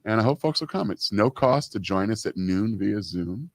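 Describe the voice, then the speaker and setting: A man in his fifties co-hosts a relaxed talk show and tells stories at length, sprinkling in "you know" as he goes. His voice sits very low, and the recording is dry and close, with no room sound. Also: moderate pace, dry recording. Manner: chatty storyteller, many "you know" fillers. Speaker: co-host. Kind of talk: casual radio-style chat.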